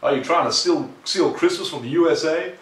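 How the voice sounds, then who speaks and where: A man doing a brash, scoffing American guy in an exaggerated mock-American accent, pitched well above his own voice and pushed loud. The voice rings bright and sharp but sits off-mic in a roomy space with a faint hiss underneath. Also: brisk, distant mic, close to an everyday voice. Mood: mock indignant. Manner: loud, incredulous, mocking.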